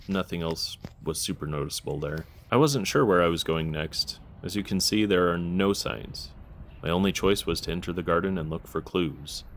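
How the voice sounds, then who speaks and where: A young man narrating a history vlog in a dry, deadpan style. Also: sits low, slight background noise. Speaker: history vlogger.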